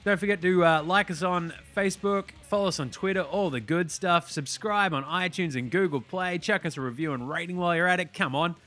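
A man's voice: sits high, a little fast, few pauses, a bit bright. A man hosting a daily podcast, wrapping up the episode in a loose, casual way, swearing freely and rattling off plugs. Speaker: podcast host. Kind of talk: casual show sign-off.

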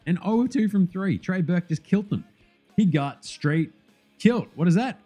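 A man's voice: high-pitched, normal speed, faint music behind. A man hosting a casual basketball recap, sweary and jokey as he rattles off scores. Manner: sweary, animated, jokey banter. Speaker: basketball podcast host.

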